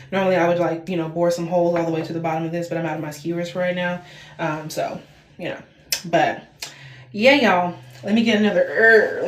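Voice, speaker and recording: A woman in her twenties doing a casual tarot reading, talking straight to her viewers and tagging her sentences with "okay?". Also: fairly low pitch. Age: 20s. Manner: chatty, addresses viewers as y'all, frequent "okay?" tags. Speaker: tarot reader. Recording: echoey room.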